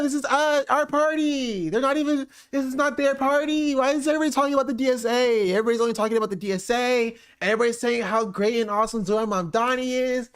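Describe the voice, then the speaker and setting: A man's voice: extremely high pitch, a bit bright, smooth, pitched above the performer's own voice. A man voicing a whiny, sulking male partisan in a mocking, nasal whine.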